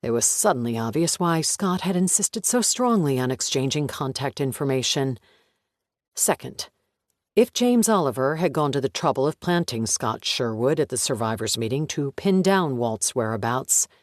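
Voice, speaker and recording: A man reading a thriller audiobook in an even, measured narration. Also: mid-range voice, dry recording, clean studio sound. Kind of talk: scripted narration.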